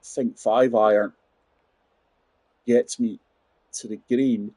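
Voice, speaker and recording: A man doing casual gameplay chat, forties, husky, dry close sound. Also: mid-range voice, fairly even intonation, slow pace, mellow, no room sound. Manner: chatty, rambling, talks to viewers as guys. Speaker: gaming channel host.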